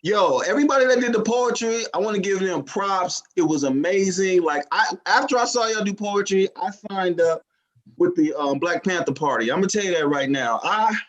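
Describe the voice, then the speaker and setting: High, lively man doing stand-up. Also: moderate pace, highs cut off. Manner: playful, teasing the audience. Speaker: comedian and emcee. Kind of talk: live stand-up comedy.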